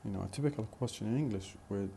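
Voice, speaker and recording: A man teaching a phonetics lesson in a slow, deliberate way, repeating example questions. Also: fairly low pitch, vocal fry, mellow, a little hiss or hum. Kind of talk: recorded lecture.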